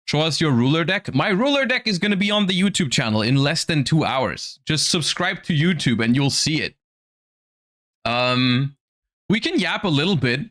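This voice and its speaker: A man's voice: mid-range voice, fairly bright tone. A man streaming live, chatting casually with his viewers and reacting to a video, his throat a little sore.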